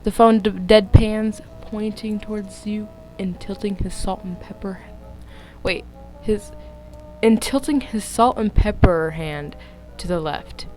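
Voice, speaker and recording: Slow and a little mellow, a medium-pitched young woman vlogs by reading fan fiction into her phone. She giggles and wanders, frequently cutting in on herself to comment, with soft background music and poor audio.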